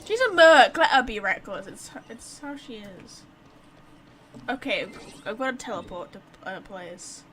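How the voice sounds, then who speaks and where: A woman's voice: a little high, sing-song, measured pace, a bit bright, a little hiss or hum, low-quality recording. A woman giving casual, playful commentary while playing a game, chatty and full of fillers. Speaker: game streamer.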